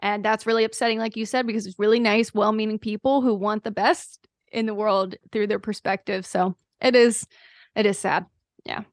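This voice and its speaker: A woman's voice: mid-range voice, steady tone, moderate pace, no echo, studio quality. A woman from North Carolina hosting a podcast, chatting casually and agreeing often. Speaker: podcast host. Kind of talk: casual conversation.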